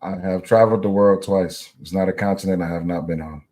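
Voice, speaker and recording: A man's voice: deep voice, steady tone, brisk, mellow. A man on a discussion panel who speaks bluntly, swears and talks over the others.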